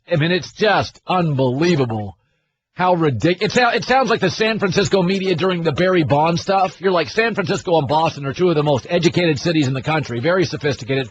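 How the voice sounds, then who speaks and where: A man's voice: a little high, lo-fi sound. A man hosting a sports radio show, ranting and sarcastic in disbelief. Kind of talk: opinionated sports talk.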